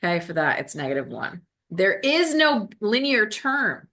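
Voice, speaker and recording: A woman's voice: mid-range voice, sing-song, unhurried, pushed and bright. A woman math teacher recording a lesson, talking students through each step in an upbeat, coaching way.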